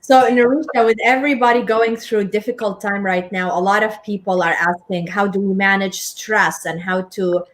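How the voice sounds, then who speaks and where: A woman's voice: medium pitch, fairly even intonation, moderate pace, hardly any pauses, low-quality recording. A woman with a mid-range voice co-hosts a live talk show. She asks her guest questions in a plain, friendly way. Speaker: co-host.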